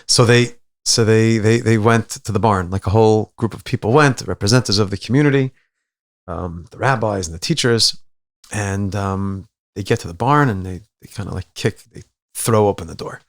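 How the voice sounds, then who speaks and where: Gravelly-voiced rabbi telling a story. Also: male voice, fairly low pitch, moderate pace, dry recording. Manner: animated, acts out voices, many restarts. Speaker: rabbi and guest. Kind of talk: conversational storytelling.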